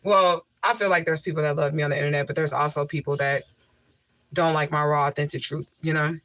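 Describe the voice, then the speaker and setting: A woman's voice: low-pitched, steady tone, fairly quick, fairly bright tone, no room sound. A woman hosting a casual livestream, blunt and repetitive for emphasis, answering viewer comments into a mic with a homemade tissue filter. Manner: blunt, repeats herself for emphasis. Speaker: livestream host.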